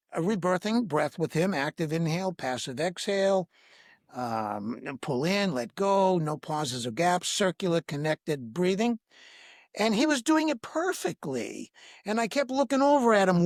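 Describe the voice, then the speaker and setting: A breathwork teacher appearing as a podcast guest tells a lively personal story, acting out the dialogue as he goes. His voice is high, and the clean studio recording has no echo.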